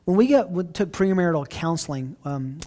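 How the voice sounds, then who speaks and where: Middle-aged pastor guy, kinda high voice, earnest, keeps restarting sentences. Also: lively intonation, brisk, dark tone. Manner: earnest, restarts phrases often. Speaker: pastor answering questions. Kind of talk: casual Q&A talk.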